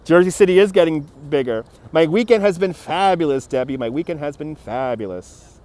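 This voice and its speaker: On the high side and expressive, this man's mellowish voice moves a little fast as he streams a live walking tour from a city riverfront. A chatty New Yorker, he reads viewer comments, calls people by name, and laughs readily, all recorded on a phone held on a gimbal.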